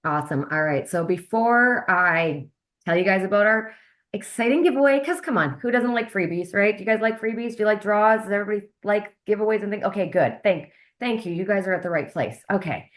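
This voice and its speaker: A woman's voice: mid-range voice, brisk. A woman hosting a live video call presentation, upbeat and chatty, often asking her audience questions. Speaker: host of a wellness sales webinar.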